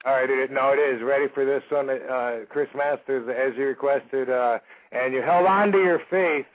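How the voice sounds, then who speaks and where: A man's voice: medium pitch, moderate pace. Profane, joking male radio host. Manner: joking, swears freely. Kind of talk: loose, profane radio talk. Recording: tinny phone-like radio audio.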